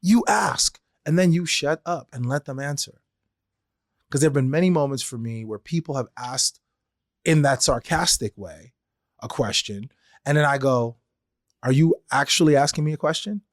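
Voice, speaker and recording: A man hosts a solo podcast, thinking aloud conversationally and acting out little exchanges in changing voices as he recounts them. His voice is on the high side at a moderate pace, recorded in studio quality with no room sound.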